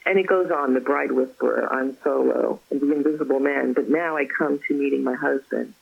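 A woman, an author, chatting as an interview guest and telling stories about her faith with effusive warmth. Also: a bass voice, a little fast, vocal fry, husky, phone-quality sound. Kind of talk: casual interview chat.

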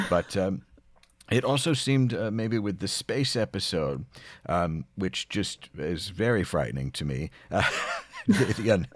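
A man interviewing a podcaster, asking long, halting questions with many fillers. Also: sits low, no echo.

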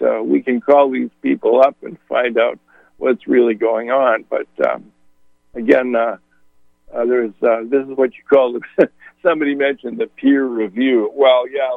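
Male radio host, halting and rambling, with a gravelly voice over a narrow, tinny line. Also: medium pitch, no echo. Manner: rambling, hesitant with many fillers. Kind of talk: conversational radio talk. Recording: dry, phone-like radio audio.

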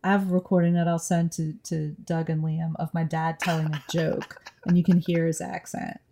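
Low gravelly-voiced woman podcaster. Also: level tone, normal speed, warm tone, a little hiss or hum. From New Orleans, USA. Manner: candid, thinks aloud with frequent restarts. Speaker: podcast co-host. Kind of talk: casual podcast chat.

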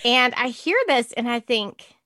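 Woman, guest mom, animated storyteller, crisp dry sound. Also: fairly high pitch, a little slow, no echo. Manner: animated storyteller, acts out her kids. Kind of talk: casual podcast chat.

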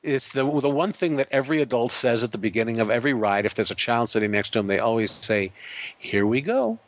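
A man's voice: medium pitch, fast, no echo. A man tells a story as an interview guest and acts out the voices in it with lots of energy. The sound is close and dry, with a slightly dull, muffled top end. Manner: animated, acts out quoted voices. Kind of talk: storytelling anecdote.

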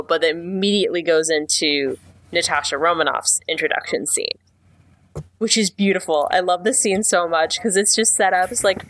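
A woman's voice: medium pitch, a bit bright. A woman co-hosting a casual film podcast, enthusiastically retelling scenes. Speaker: podcast co-host.

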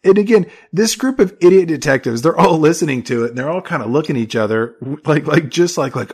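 A man co-hosting a casual movie-recap chat, laughing often and dropping into low mocking voices to mimic characters. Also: lively intonation, a little fast, few pauses, darkish tone, husky. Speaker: podcast co-host.

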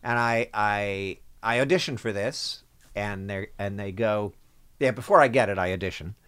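A man's voice: on the low side, normal speed, fairly bright tone, clear, resonant tone. A middle-aged man telling a story in casual conversation, acting out the people he quotes in big voices. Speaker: guest actor.

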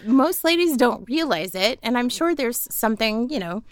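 Animated high-voiced woman telling stories. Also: moderate pace, no echo. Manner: animated storyteller who acts out family members. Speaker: voice actor. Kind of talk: casual podcast chat.

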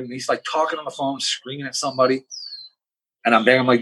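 A man who is a podcast guest, telling stories in a blunt, plain-spoken, animated way. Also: mid-range voice, fast talker, long pauses, slightly rough, low-quality recording. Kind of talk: casual podcast storytelling.

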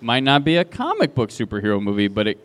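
Animated man hosting a live con game. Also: mid-range voice, fast. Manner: chatty, laughing, stumbling restarts. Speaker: podcast host running a live game. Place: convention stage before a live audience. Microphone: handheld mic.

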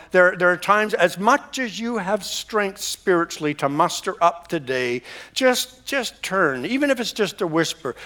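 A man preaching a sermon to a church congregation, impassioned, with frequent restarts, swinging from loud declarations to hushed asides. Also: sits high. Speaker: pastor. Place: church hall.

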